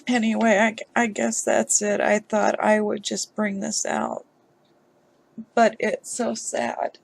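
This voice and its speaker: A woman vlogger giving emotional commentary on a news story, upset and halting, with sighs. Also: medium pitch, little pitch movement, vocal fry.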